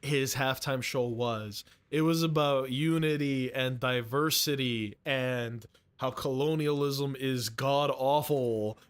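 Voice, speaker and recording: A man's voice: medium pitch, steady tone, slow. A male streamer chatting casually while reacting to a game, joking crudely and laughing often.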